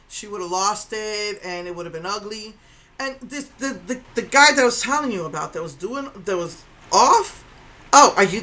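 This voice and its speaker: A woman's voice: medium pitch, bright, forceful tone, a little hiss or hum, rough recording. A middle-aged woman casually recounting a confrontation, indignant, repeating herself and acting out what others said. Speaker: vlogger recounting an incident. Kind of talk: casual storytelling to camera.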